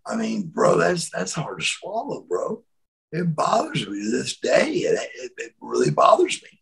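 A middle-aged man from the United States, a former wrestler telling animated stories as an interview guest, repeating words as he acts out quotes. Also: on the high side, normal speed, vocal fry, breathy edge, poor audio. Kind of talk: storytelling in a shoot interview.

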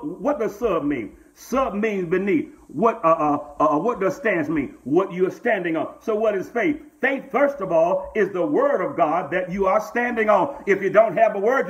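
A middle-aged pastor preaches a sermon, calling out to congregants and repeating "glory to God." His voice is high-pitched and the recording quality is low.

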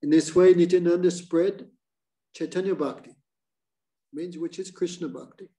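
A man's voice: high-pitched, normal speed, rough recording. A man, a spiritual teacher, telling a devotional story in a class and acting out the lines of its figures. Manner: animated storyteller who voices quoted lines.

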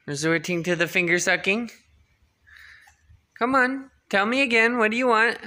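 A father in a casual home video, gently coaxing his baby to talk with sing-song questions. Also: high-pitched, fairly even intonation, moderate pace.

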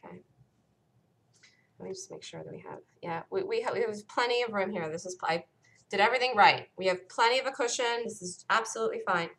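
A woman hosting a live day-trading room, calling out entries and stops in an urgent, rapid-fire way, her voice worn and close to giving out. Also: mid-range voice, a bit bright. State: losing her voice. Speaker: day-trading show host.

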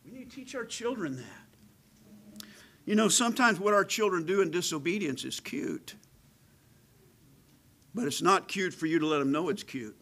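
A middle-aged man preaching a sermon, calling for amens and moving between loud emphatic delivery and a hushed near-whisper. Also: sits high, expressive, moderate pace, pauses often, low-quality recording. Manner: calls out "amen" to the congregation. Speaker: pastor.

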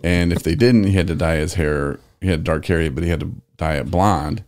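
A man's voice: low voice, normal speed. A man hosting a podcast, telling rambling stories in casual chat and acting out what people said. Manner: rambling, animated retelling with acted-out quotes. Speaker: podcast host.

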